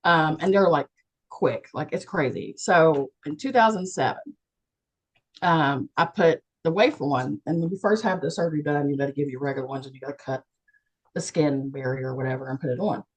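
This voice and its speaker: A woman from West Virginia candidly telling her personal story on a video call, animated and acting out the voices of the people in it. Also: low voice, a little fast, poor audio. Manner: animated, acts out quoted people with big jumps in voice. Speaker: panelist and co-author sharing a near-death experience.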